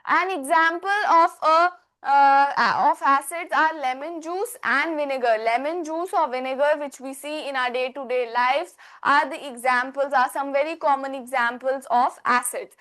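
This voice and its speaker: High-voiced Indian teacher on a video call. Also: female voice, moderate pace, hardly any pauses, a bit bright. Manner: patient, explains in simple repetitions, mixes in Hindi. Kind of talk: online class teaching.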